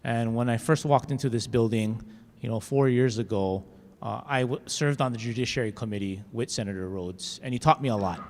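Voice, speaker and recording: A man's voice: medium pitch, brisk. A man speaking as a state senator, paying a folksy tribute to a colleague with many fillers. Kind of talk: formal floor tribute. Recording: legislative chamber with long reverb.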